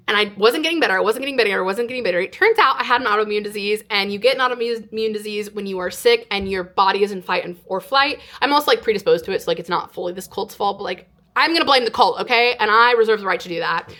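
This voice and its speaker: A woman in her twenties from California, telling a personal story to camera in a casual, animated way with lots of "like". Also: medium pitch, fast. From California, United States. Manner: animated, exaggerated retelling with frequent "like". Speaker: vlogger. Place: indoors, sit-down filming.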